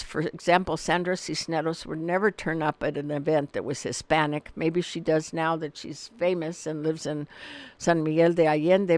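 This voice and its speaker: An older woman talks in a fairly low voice, close to the mic in a dry room. She tells stories in an animated way and acts out the voices of the people in them. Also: no room sound. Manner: animated storyteller, acts out quoted dialogue. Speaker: author and activist guest. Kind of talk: casual conversation.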